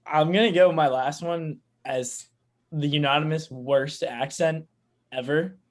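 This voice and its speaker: A man co-hosting a podcast in relaxed casual chat, laughing easily. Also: a little high, measured pace. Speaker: podcast co-host.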